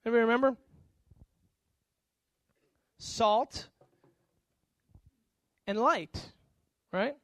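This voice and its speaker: A man preaching a sermon as pastor, animated and acting out little exchanges of dialogue with changing voices. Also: very high-pitched, drawn-out words, long pauses, dry recording.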